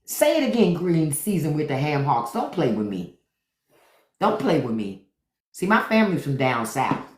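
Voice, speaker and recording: A man's voice: a little high, normal speed, reverberant. A man from Washington, D.C., a podcast host, riffing and swearing freely in casual livestream chat. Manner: animated, profane riffing.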